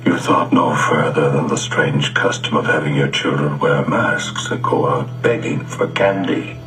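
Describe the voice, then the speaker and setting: Film villain: a cold company boss, low voice, roomy echo, score underneath. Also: male voice, fairly even intonation, unhurried. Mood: menacing. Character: cold, calm older male villain, company head. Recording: echoey film audio with music behind.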